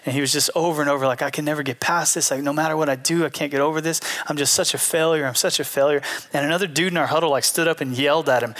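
A young male pastor preaching with a bright, forceful edge to his voice. He talks casually and acts out little scenes, and his voice sits a touch high for a man. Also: fast. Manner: casual, animated preaching with acted-out quotes. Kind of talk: sermon.

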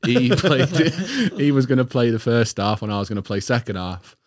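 A man's voice: medium pitch, very animated, normal speed, no echo, clean studio sound. A young man telling a story in a laid-back way to friends, chuckling as he goes. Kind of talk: casual storytelling among friends.

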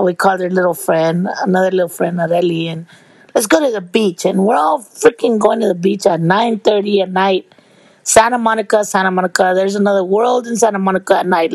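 Gravelly middle-aged woman telling stories. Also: medium pitch, normal speed, no room sound. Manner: lively, laughing, swears freely. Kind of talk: casual storytelling.

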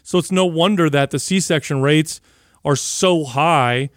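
A man's voice: fairly high pitch, unhurried, dry recording, studio quality. A man co-hosting a fitness podcast, giving opinions in casual chat and explaining them with examples. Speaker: podcast co-host.

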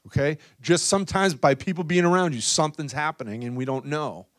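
A man preaching a charismatic sermon, swinging between loud exhortation and soft, intimate asides, often adding "come on" and "right?". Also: on the high side, brisk, no room sound, clean studio sound. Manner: peppers talk with "come on" and "right?".

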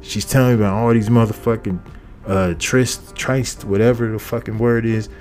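Male podcast host, low dark voice, swears constantly and rambles, faint music behind. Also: steady tone, moderate pace. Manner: profane, rambling, repeats phrases. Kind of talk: casual comedic monologue.

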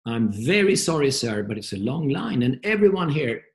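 A man voicing a calm, friendly female flight attendant who speaks softly. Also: medium pitch, normal speed, natural voice. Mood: calm polite.

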